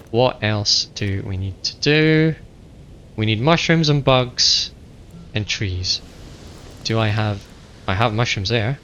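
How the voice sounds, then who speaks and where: A man commenting on his game as he streams it, chatty and playful, half-singing filler sounds to himself. His voice sits at an average pitch. A faint low rumble runs under the recording. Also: a bit bright. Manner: chatty, talks to himself, sing-song muttering. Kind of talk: live gameplay commentary.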